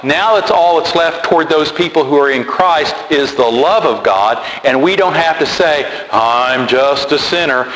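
A man's voice: on the high side, a bit bright. A man preaching a sermon in a loose, conversational way, repeating words and going off on asides. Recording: roomy hall with long reverb and faint noise.

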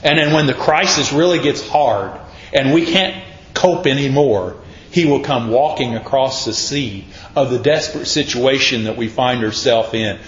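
A man's voice: mid-range voice, normal speed, fairly bright tone. A man preaching a sermon, dramatic and acting out voices from the Bible. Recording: echoey room, dull sound.

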